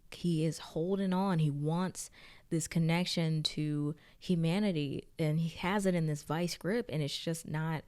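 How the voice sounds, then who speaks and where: A woman's voice: deep voice, darkish tone. A woman giving a casual, rambling spoken recap of a TV episode, filling her talk with "like" and restarts. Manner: chatty, heavy use of "like", rambling restarts. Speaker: TV recap reviewer.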